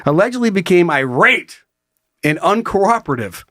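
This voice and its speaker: A man's voice: sits high, very animated, normal speed, fairly bright tone, dry recording, clean studio sound. A man co-hosting a podcast, telling a story in casual, profane, laughing chat. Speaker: podcast co-host.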